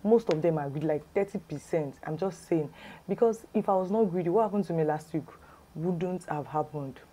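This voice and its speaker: A woman's voice: on the low side, fairly quick, dark tone, a little hiss or hum, rough recording. A woman with a Yoruba accent telling a chatty storytime for her vlog, full of "ah" and "like". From Nigeria. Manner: chatty, exclamatory, lots of "ah" and "like". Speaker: lifestyle vlogger. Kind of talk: casual storytime.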